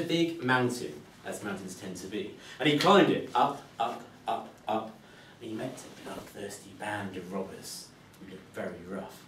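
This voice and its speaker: A man narrates a folk tale in an animated, playful way as part of a storytelling speech to a club. His voice sits at an average pitch. It echoes around a meeting room, picked up from far away with faint background noise. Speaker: club speaker.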